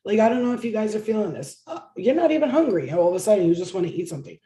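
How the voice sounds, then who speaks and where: A woman's voice: medium pitch, rapid-fire, dark tone, echoey room. A woman giving a casual live-stream tarot reading, blunt and profane, often chanting phrases over and over. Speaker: tarot reader.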